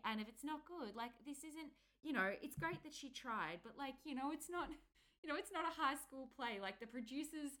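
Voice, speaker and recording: A woman talking through a gripe in loose, rambling sentences packed with filler words. Her voice sits a little on the high side. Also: animated, moderate pace, bright, forceful tone. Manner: rambling, heavy use of "like", indignant critique. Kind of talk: casual chat.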